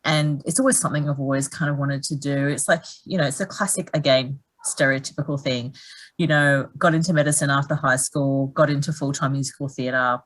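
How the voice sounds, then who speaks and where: A woman's voice: very deep voice, fairly even intonation, a little fast. A woman, a guest actor and producer, chatting in a bubbly way and laughing easily. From Australia. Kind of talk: casual conversation.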